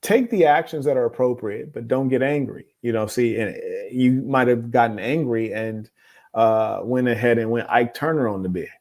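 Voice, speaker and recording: A man in the host's chair reads viewer letters aloud and comments on them in a steady, lecturing tone. His voice sits at an ordinary middle pitch. His opinions come out blunt and moralizing, yet his delivery stays calm. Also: normal speed. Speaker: host. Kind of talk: relationship advice commentary, reading viewer letters.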